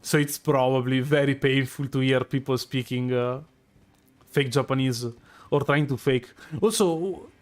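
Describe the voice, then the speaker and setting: A man's voice: medium pitch, steady tone, unhurried. A young Italian man with an Italian accent, chatting casually with his live-stream audience while gaming, hesitant and full of fillers. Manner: hesitant, many fillers and restarts.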